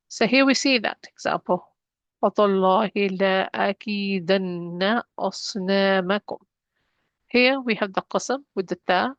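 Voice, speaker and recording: A woman's voice: mid-range voice, no room sound, muffled recording. A woman teaching an Arabic grammar lesson, explaining each rule step by step and mixing English with Arabic terms.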